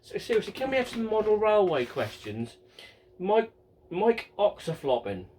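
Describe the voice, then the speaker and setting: A man's voice: high voice, sing-song, normal speed, darkish tone, husky. A man hosting a casual question-and-answer vlog about his model railway, rambling and chatty, often repeating words and mocking himself. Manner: self-mocking and exasperated.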